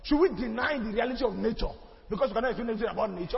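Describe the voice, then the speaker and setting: Nigerian man, high voice, emphatic church history lecture, rhetorical questions, long echo, muffled lo-fi sound. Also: racing, creaky. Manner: emphatic, rhetorical questions, mixes in pidgin and Yoruba asides. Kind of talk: classroom lecture. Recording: echoey hall, muffled lo-fi sound.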